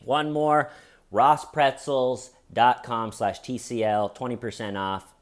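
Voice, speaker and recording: A man's voice: mid-range voice, steady tone, slow pace. A young man casually retelling a crime story as a joke, acting out the quotes in silly voices, at his desk. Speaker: true crime comedy host. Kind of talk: casual storytelling with sponsor read.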